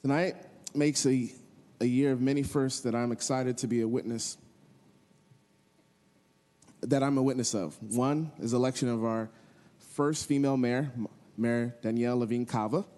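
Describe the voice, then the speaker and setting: Male city commissioner, earnest acceptance speech, mid pitch, long reverb of a council chamber. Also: fairly even intonation, warm tone. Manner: earnest, halting with fillers and restarts. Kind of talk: acceptance speech at a swearing-in ceremony.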